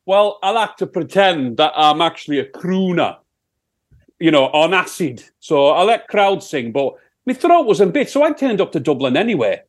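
A man's voice: fairly high pitch, very animated, normal speed, pitched above the performer's own voice. A man voicing a cocky, sweary rock singer with a put-on Sheffield accent, rambling crudely.

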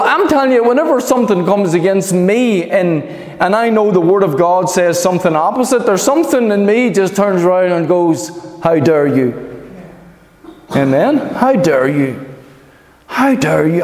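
A man preaching a sermon as pastor, emphatic and animated, calling for amens from the congregation. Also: high voice. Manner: emphatic, animated preaching with repeated calls of amen. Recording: echoey hall reverb.

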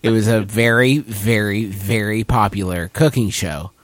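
Low-voiced man rambling a backstory. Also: measured pace, no echo. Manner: rambling, chuckling storytelling. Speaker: player. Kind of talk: casual chat.

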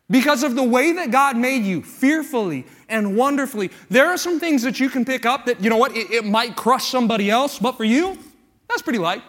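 A man's voice: very high voice, fairly bright tone. A male pastor preaching a sermon with a live weightlifting illustration, earnest and repetitive in cadence, out of breath.

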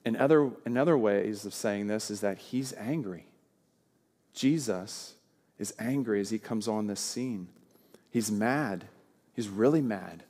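A man preaching a sermon, earnest and shifting between loud and soft for emphasis. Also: lowish voice, unhurried. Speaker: pastor.

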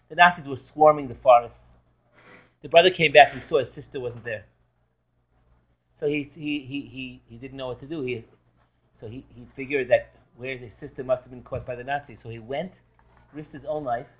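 A man, a rabbi, giving a Torah class, telling a story animatedly and often restarting phrases as he goes. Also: on the high side. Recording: lo-fi recording.

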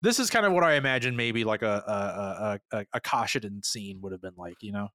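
Rambling, lively man on a dry mic. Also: lowish voice, fairly quick, no room sound. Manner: rambling, filler-heavy, acts out characters' lines. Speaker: podcast co-host. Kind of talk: casual chat recapping a TV episode.

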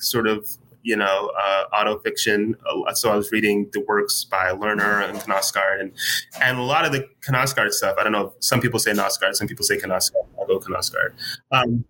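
A man talking in a relaxed interview, thoughtful and searching, with many fillers and restarts as he works through his ideas. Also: on the low side, a little hiss or hum, rough recording. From United States. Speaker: guest writer. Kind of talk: casual conversational interview.

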